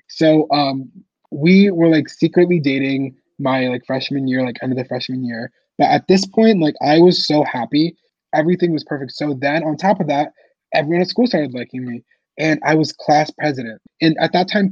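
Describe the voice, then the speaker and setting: Husky young guy telling his story on a podcast, says like a lot, dry muffled audio. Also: on the high side, a little fast, no echo. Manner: casual, heavy use of "like" fillers. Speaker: podcast guest. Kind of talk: personal storytelling interview.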